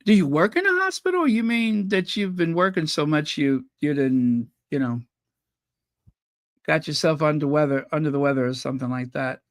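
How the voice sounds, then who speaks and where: A man's voice: a little high, normal speed, no room sound, clean studio sound. A man hosting a casual livestream, reading viewers' messages aloud in a chatty, apologetic way and laughing nervously. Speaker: channel host reading live chat.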